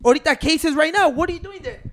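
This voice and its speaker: Very high-voiced man ranting. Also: quick pace, fairly bright tone. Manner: ranting, opinionated, profane, restarts mid-sentence. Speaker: podcast co-host. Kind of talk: casual chat.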